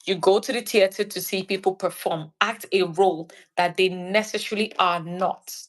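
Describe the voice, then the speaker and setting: A woman's voice: medium pitch, moderate pace. A woman from Nigeria, a guest in an interview chat, talking animatedly and acting out little scenes. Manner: animated, acts out little scenes in quoted voices.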